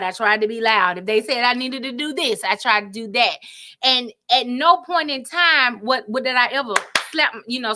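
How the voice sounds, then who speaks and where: A woman giving a faith-based motivational talk, animated and preachy, with folksy asides and repeated words. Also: on the high side. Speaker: motivational speaker.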